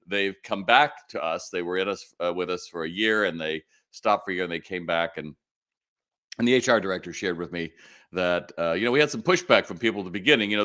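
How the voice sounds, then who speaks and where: A man's voice: deep voice, fairly bright tone. A middle-aged man hosting a live retail Q&A in casual, blunt, opinionated talk. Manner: blunt and opinionated, acts out quoted voices.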